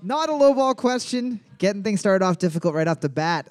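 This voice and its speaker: A man with a high voice hosts a trivia night, reading each question twice. He slips in crude jokes and teasing asides between rounds. His delivery is loose and playful. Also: expressive, fairly quick, clean tone. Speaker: trivia host. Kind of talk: bar trivia hosting with banter.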